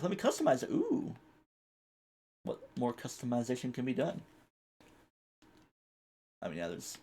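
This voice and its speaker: A gaming streamer commentates his own live game in a mid-range, slightly mellow voice with a gravelly, rough edge and a somewhat husky, breathy quality. He drifts from thought to thought, chuckling as he reads on-screen text aloud.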